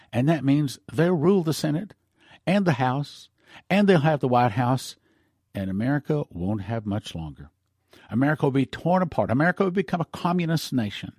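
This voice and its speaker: A man's voice: mid-range voice, darkish tone, husky, no echo, clean studio sound. A male pastor preaching on prophecy in a fervent, emphatic broadcast style.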